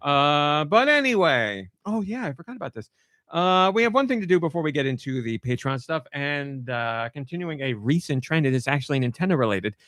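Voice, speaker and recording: A man's voice: fairly high pitch, big pitch swings, fairly quick, a bit bright, no room sound, clean studio sound. A man hosting a podcast in casual chat, rambling along and laughing easily. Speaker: podcast host.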